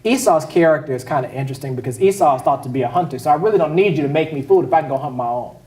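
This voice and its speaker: A man's voice: on the high side, racing, darkish tone, recorded from a distance. A man preaching a conversational sermon as pastor, speaking casually and making joking asides to the congregation. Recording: echoey hall, voice picked up from afar.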